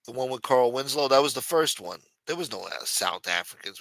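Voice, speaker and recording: A man's voice: medium pitch, lively intonation, brisk, few pauses, a bit bright, no room sound, poor audio. Profane, teasing male livestream host. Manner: profane, teasing, riffs on viewer chat. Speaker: live show host. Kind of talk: casual live-stream chat.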